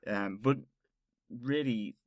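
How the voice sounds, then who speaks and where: A man co-hosting a film review podcast talks slowly in a mid-range voice, with no echo. He's rambling and casual, frequently restarting phrases and laughing easily.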